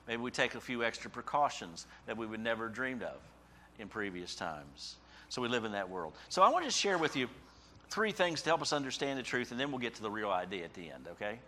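A man's voice: fairly low pitch, sharp tone, a little hiss or hum. A man preaching a sermon in a conversational way who often checks in with "okay?" and rises sharply when he voices a prophet's cries. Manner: conversational asides ending in "okay?". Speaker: pastor.

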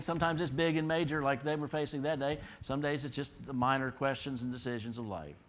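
A middle-aged male pastor delivering an expository sermon at a mid-range pitch. His preaching is conversational, with rhetorical questions put to the congregation. His delivery rises to emphatic peaks and then drops low and quiet. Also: steady tone, fairly quick, hardly any pauses.

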